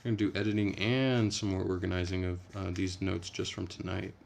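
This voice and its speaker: Deep, gravelly young man chatting. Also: fairly quick, a little hiss or hum. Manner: relaxed, rambling, soft-spoken. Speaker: streamer reading chat. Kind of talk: casual late-night livestream chat.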